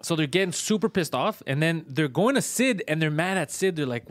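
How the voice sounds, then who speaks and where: A man casually telling a story on a podcast, fast, profane and animated. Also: fairly high pitch, no room sound. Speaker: podcast host, comedian.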